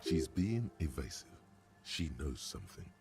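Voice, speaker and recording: An actor playing a detective's grave inner voice in a video game, speaking in measured, portentous lines. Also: male voice, rumbling low, very animated, over music, heavily acted. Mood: ominous. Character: deep inner voice of a male detective.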